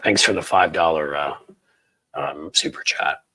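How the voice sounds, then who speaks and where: A man's voice: extremely low pitch, a little slow, pushed and bright, poor audio. A man hosting a political livestream, talking in a rambling, angry, sarcastic way, full of fillers and restarts as he reads viewer chats. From United States. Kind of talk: casual livestream commentary reading viewer chats.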